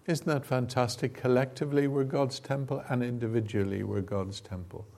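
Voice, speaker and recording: A man with a gravelly edge to his voice, preaching in a relaxed, chatty way. He wanders into asides, uses fillers, and calls on the audience to read verses aloud. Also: mid-range voice, normal speed. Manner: conversational, digressive, with fillers and asides. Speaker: preacher leading a Bible teaching session. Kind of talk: informal sermon with audience participation.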